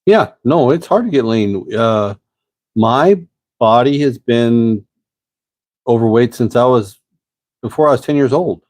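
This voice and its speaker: A man's voice: medium pitch, animated, darkish tone, dry recording. A man, rambling in a folksy way as the host of a casual live-stream chat. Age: 50s. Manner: rambling, folksy, drawn-out pauses.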